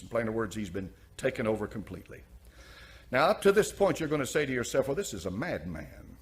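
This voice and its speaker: A man's voice: medium pitch, big pitch swings, fairly quick, a little hiss or hum. A man preaching a sermon, reading aloud from a diary and then questioning it for his listeners.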